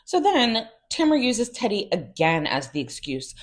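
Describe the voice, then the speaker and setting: A woman's voice: medium pitch, very animated, normal speed, hardly any pauses. A woman hosting a casual reality TV recap, chatty and sassy with exasperated asides.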